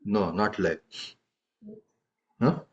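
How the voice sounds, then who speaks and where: A man teaches tabla in a low voice. He explains patiently and keeps checking in with his students. The audio is dull and lo-fi. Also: drawn-out words. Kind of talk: live music lesson.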